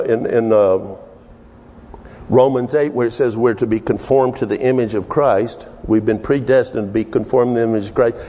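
A man preaching a sermon, working through scripture in an unhurried, halting way with many restarts. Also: mid-range voice, dark tone. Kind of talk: sermon with verse study. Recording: long hall reverb.

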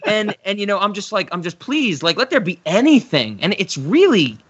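Brief: bright, slightly high man, rambling film-podcast co-host, muffled audio. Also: very animated, moderate pace, husky. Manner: rambling, restarts, acts out quotes. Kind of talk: casual film review chat.

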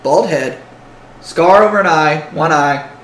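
A man's voice: a little high, unhurried, reverberant, a little hiss or hum. A man running a tabletop game as game master. He jokes and laughs often. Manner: animated, joking, laughs often.

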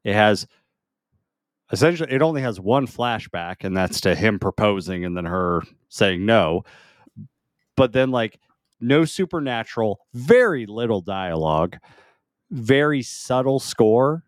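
A man co-hosting a podcast in casual movie chat, relaxed, laughing between points and using lots of "like" fillers. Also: fairly low pitch, a little slow, dry recording, clean studio sound. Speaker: podcast co-host.

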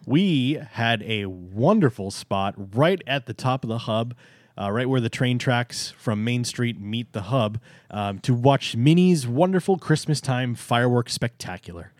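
A man co-hosting a podcast in casual chat. He jokes a lot and speaks with emphasis, and his voice is slightly hoarse from allergies. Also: mid-range voice, lively intonation, measured pace, darkish tone, no room sound, studio quality. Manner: enthusiastic, joking, emphatic. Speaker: podcast co-host.

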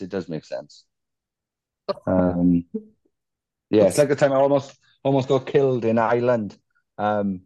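A man from Wales sits in for a casual podcast chat and rambles through anecdotes, swearing freely and acting out what people said. His voice sits at an ordinary pitch. The recording is dry and a little dull. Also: warm tone, no echo. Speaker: guest, band singer.

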